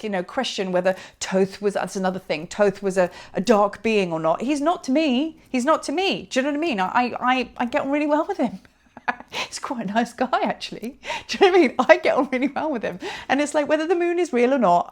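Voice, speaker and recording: A woman giving a rambling, animated spiritual talk outdoors on a hill, with frequent asides and laughs. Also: fairly high pitch. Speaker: spiritual teacher. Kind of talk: casual spiritual monologue. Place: outdoors on a hilltop.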